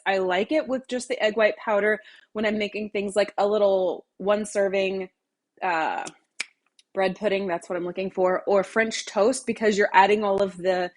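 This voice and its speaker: A young woman chatting to her camera in a large home kitchen, a touch out of breath. She rambles loosely, stops herself mid-thought and circles back with plenty of ums and likes. Her voice sits at an ordinary middle pitch. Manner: rambling, talkative, self-interrupting with fillers. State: a little out of breath. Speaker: cooking vlogger. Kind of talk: casual chatty kitchen vlog.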